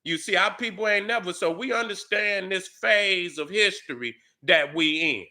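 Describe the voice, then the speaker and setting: A middle-aged man giving heated, profane commentary to his viewers, angrily shouting back at commenters. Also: high-pitched, normal speed. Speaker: YouTube commentator.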